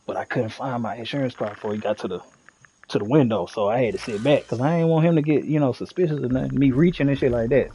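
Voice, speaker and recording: Animated slangy man telling a story. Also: mid-range voice, fast, a little hiss or hum. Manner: animated, slangy, frequent "you know what I'm saying". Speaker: live streamer. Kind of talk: casual storytelling.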